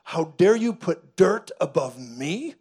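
A man's voice: high voice, very animated, slow, a little mellow, husky, pitched above the performer's own voice, full character voice. A man voicing a jealous fallen angel in a bitter rage. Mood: seething. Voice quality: seething, bitter.

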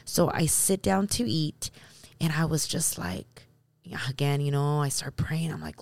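A woman with a low voice tells a personal story in a casual storytime. She talks straight to her audience in an animated way. The sound is dry and close, with no room echo. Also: moderate pace, vocal fry. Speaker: vlogger telling a story to her husband and viewers.

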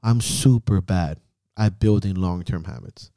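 A fairly low-voiced man hosts a podcast with an intense, profanity-heavy pep-talk manner. His tone is dark and mellow. The recording is close and dry, with no room sound. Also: unhurried, no echo. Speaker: podcast host. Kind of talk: motivational podcast chat.

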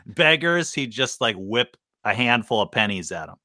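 A man's voice: mid-range voice, big pitch swings, moderate pace, pushed and bright, no echo, studio quality. A man co-hosting a casual podcast, rambling and laughing through joking asides. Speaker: podcast co-host. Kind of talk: casual chat.

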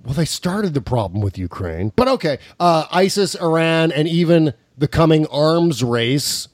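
A man's voice: on the high side, expressive, measured pace, dry recording. A man hosting a political talk podcast, chatting casually and sarcastically, laughing often as he reads out tweets in a mocking tone. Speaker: podcast host.

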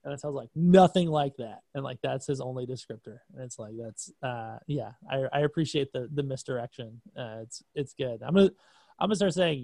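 Gravelly-voiced man, dry and self-deprecating. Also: medium pitch, normal speed, dark tone, no room sound. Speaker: musician guest. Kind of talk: casual conversation.

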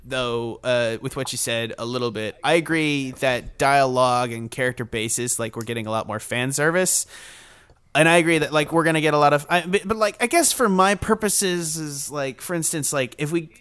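A man with a smooth, resonant voice talks in a loose, excitable way on a group podcast. He throws in swear words and plenty of filler words as he argues his point. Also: fairly high pitch. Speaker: podcast panelist. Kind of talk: casual group chat.

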